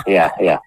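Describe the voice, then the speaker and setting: A man telling wrestling backstage stories on a podcast, rambling and acting out the people he quotes, with some swearing. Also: rough recording. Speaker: wrestling promoter guest. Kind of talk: casual podcast storytelling.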